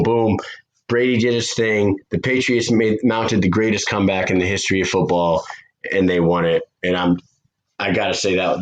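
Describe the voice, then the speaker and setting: A man from the United States, co-hosting a podcast and telling stories in a loose, profane, animated way. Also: fairly low pitch, rough recording. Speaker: podcast co-host. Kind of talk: casual chat.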